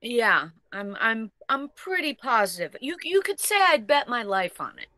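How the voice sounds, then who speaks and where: A woman's voice: fairly high pitch, big pitch swings, normal speed, bright, forceful tone, no echo. A woman co-hosting a casual show, reading out tips with upbeat thanks and dry comebacks. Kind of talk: casual chat.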